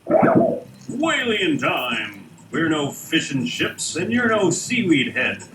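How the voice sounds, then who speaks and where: A man's voice: on the high side, wildly swooping pitch, takes it slowly, very noisy, full character voice. An actor playing a peppy male cartoon character in an educational game, with punchy, announcer-like calls. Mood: upbeat. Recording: roomy game audio heard from far off.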